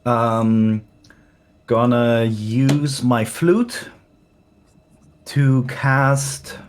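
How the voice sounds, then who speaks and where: A man playing in a tabletop game session, talking casually and hesitantly, with many pauses and ums. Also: medium pitch, fairly even intonation, a little hiss or hum. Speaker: player.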